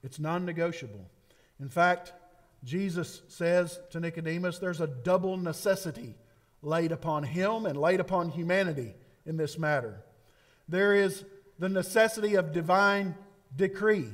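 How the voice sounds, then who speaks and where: A man preaching a sermon, emphatic and repetitive, with dramatic pauses. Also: on the high side. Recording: long hall reverb.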